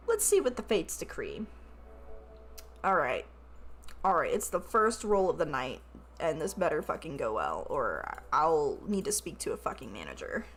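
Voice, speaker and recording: Woman streamer, casual, swears and laughs a lot, reads game narration aloud, lively pitch, faint music behind. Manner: swears often, laughs, questions her own pronunciation. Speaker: streamer playing a game with an AI game master.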